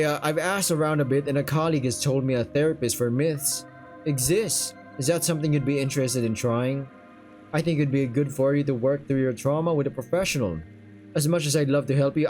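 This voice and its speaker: A man voicing a calm, considerate young male protagonist in a visual novel. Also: medium pitch, a little fast, faint music behind, lightly acted. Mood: gentle.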